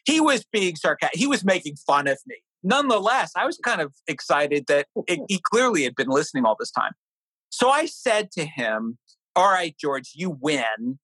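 A middle-aged man from New Hampshire, an author appearing as an interview guest, explains ideas and shares a family anecdote conversationally. He's an animated storyteller with a lively pitch, speaking at a moderate pace in a slightly rough voice. The audio is poor, with no echo.

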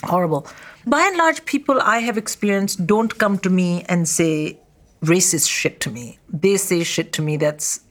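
A woman comedian from India, talking candidly over lunch in an interview, blunt and animated as she tells stories with quick asides. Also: fairly low pitch. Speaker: stand-up comedian, guest. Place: at a restaurant table over lunch.

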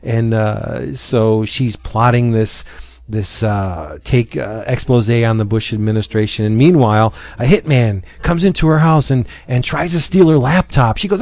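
A man in mid-range pitch, retelling a comic's plot in casual podcast chat. He fills his talk with "uh" and restarts, then jumps up in voice to act out lines. The sound is dry and close, with no room echo. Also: moderate pace. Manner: animated storyteller, acts out lines with many fillers. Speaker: podcast host reviewing comics.

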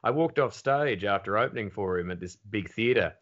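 A man with an Australian accent, a comedian guest telling lively, sweary anecdotes in casual podcast chat. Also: lowish voice, normal speed, muffled recording. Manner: lively anecdotes, swears freely, slips into voices.

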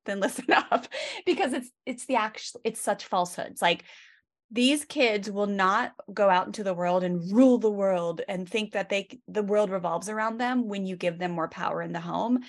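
A woman who works as a parenting educator, telling stories with lively asides as a guest on a casual podcast interview. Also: medium pitch, moderate pace. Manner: lively storytelling with many asides.

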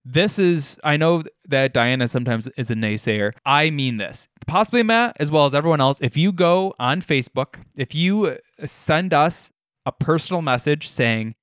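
A man's voice: on the high side, expressive, normal speed, a bit bright, dry recording, studio quality. A young man hosting a casual solo podcast from his living room, telling stories in a wry, self-deprecating way. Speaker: podcast host.

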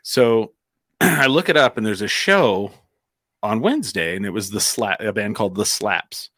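A man's voice: lowish voice, very animated, normal speed, fairly bright tone, dry recording, clean studio sound. A man from New Mexico telling a long story in casual chat, rambling with fillers and acting out quotes.

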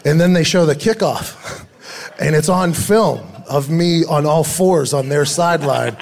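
Animated, profane storytelling man. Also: a little high. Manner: animated, profane, acts out quoted voices. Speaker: guest, former football player. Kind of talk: casual storytelling.

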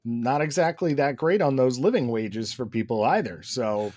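A man's voice: medium pitch, animated, moderate pace, darkish tone. A man co-hosting a podcast in casual chat, answering with wry, dry short quips. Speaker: podcast co-host.

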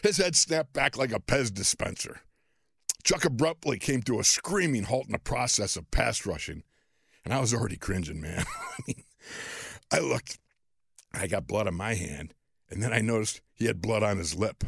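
A man in his sixties from Western New York, a podcast host and former football player telling a story in an animated, self-deprecating way, often chuckling. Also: lowish voice, moderate pace, vocal fry, pauses often, husky, no room sound, studio quality. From Western New York, USA. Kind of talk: storytelling monologue.

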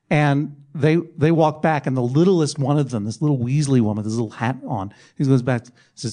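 A man's voice: medium pitch, brisk, hardly any pauses, mellow. A middle-aged man telling a comic anecdote on a podcast, self-mocking and laughing through it. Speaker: podcast guest telling a story.

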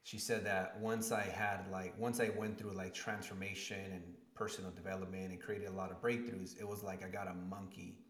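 A man as an interview guest, telling a personal story in an animated way and acting out the voices of the people he quotes. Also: low voice, normal speed, hardly any pauses. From Spanish-speaking family. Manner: animated storyteller, acts out quotes with rising emotion. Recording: echoey room.

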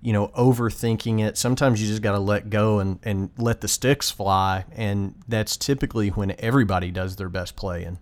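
Low-voiced podcast host. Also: male voice, normal speed, few pauses. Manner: relaxed, encouraging, some stammering restarts. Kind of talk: casual interview chat.

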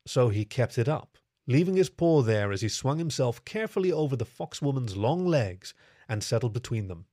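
A man reading a story aloud in steady, even scripted narration. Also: mid-range voice, moderate pace, dry recording, studio quality.

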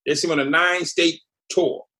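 Brief: middle-aged man, slightly high voice, lively first-person storytelling guest. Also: fairly quick. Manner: animated storyteller, acts out quotes. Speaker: podcast guest. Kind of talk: storytelling interview.

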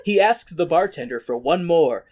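Male comedy podcast co-host, slightly raspy, very lively pitch, swears freely, quick to do voices. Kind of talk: casual comedic recap.

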